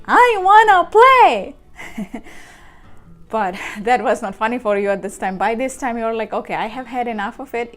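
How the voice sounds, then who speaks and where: A young woman vlogger from India telling a story straight to the viewer, acting out little quoted voices as she goes. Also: fairly high pitch. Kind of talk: storytelling to camera.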